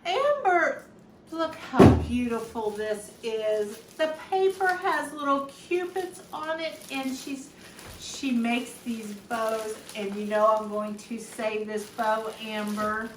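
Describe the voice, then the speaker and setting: A woman chatting casually while unboxing a gift, gushing, gasping and exclaiming as she goes, teary and sniffling at times. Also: fairly high pitch. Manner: gushing, gasps and exclaims often. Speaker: YouTube unboxing vlogger. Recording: roomy sound, distant mic, faint background noise.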